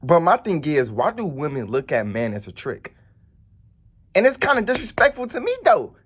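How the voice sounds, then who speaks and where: A man's voice: on the high side, sing-song, normal speed, husky. A man telling a story to camera in a blunt, profane, rambling way. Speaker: vlogger. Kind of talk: casual storytelling.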